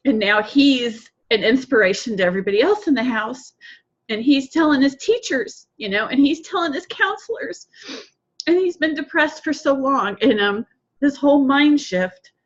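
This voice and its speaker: A woman's voice: high-pitched, unhurried, pauses often, highs cut off. A woman sharing an emotional testimonial on a group call, tearful and laughing as she speaks. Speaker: program participant.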